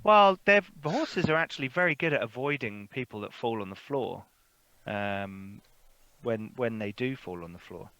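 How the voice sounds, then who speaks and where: A man's voice: medium pitch, animated, normal speed, a bit bright, clean tone, no echo, low-quality recording. Chuckling man running a tabletop game. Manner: loose, chuckling, full of fillers. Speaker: game master.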